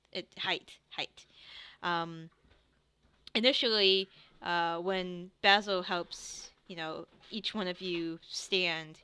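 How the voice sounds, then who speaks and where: Slow, bright-voiced woman game master. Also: mid-range voice, clean tone, no echo. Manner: halting, filler-heavy description. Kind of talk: narrating a tabletop game.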